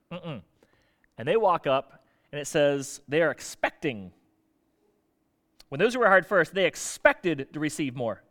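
In an echoey church hall, a male pastor with a high-pitched, fairly bright voice preaches a sermon. He keeps it conversational, asking his congregation questions.

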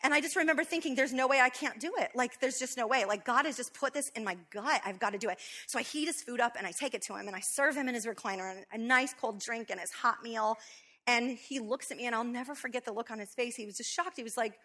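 Bright, animated woman telling a story. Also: fairly high pitch. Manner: animated, quick storytelling with many "like"s. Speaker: co-host, wife. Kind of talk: storytelling in casual chat.

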